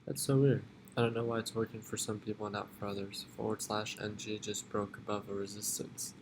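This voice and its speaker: A man hosting a live trading chat stream from home, speaking quietly and in a relaxed way. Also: fairly low pitch, background noise. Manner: talking quietly, relaxed and unhurried. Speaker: trading livestream host. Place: home at night.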